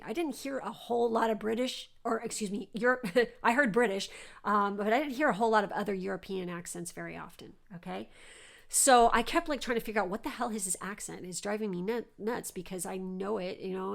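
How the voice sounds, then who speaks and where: A woman from Southern California with a medium-pitched, creaky voice tells her podcast listeners a personal story. She rambles in a chatty way, with plenty of fillers and the occasional swear word.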